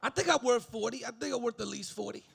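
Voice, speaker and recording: A young adult man doing a stand-up comedy set, animated and laughing at his own jokes. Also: extremely high pitch, fast, gravelly, slightly rough.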